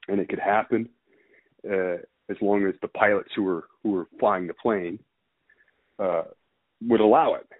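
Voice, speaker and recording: A man's voice: fairly low pitch, fairly even intonation, normal speed, pauses often, dry recording. A man casually telling a rambling story, swearing freely and stumbling over details. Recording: dry phone-like sound.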